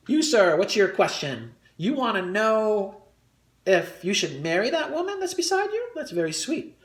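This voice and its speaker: A man working through a stand-up comedy routine in front of an audience, his pitch swinging widely as he jumps into quick character voices. His delivery is crude and animated. The room around him rings with an echo.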